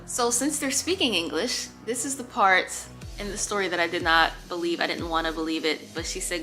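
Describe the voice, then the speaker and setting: A young woman telling a dating story in a casual, animated way, acting out the quotes and swearing freely. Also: fairly low pitch, a little fast, few pauses, soft background music. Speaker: storytime vlogger.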